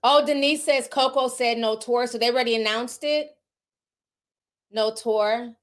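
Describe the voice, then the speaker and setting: Brief: woman, Southern US accent, livestream gossip host, fairly high voice, candid and chatty. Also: fairly even intonation, measured pace. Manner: chatty, candid, laughs often, reacts to viewer comments. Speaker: livestream host reading chat. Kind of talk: casual celebrity gossip chat.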